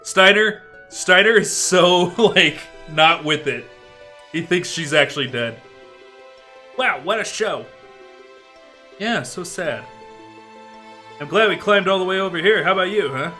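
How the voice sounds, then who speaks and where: A chatty male streamer talks through his game with plenty of fillers. His voice is very bright and rather high, with faint game music behind. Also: measured pace, long pauses. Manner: chatty, animated, many fillers. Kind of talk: game let's play commentary.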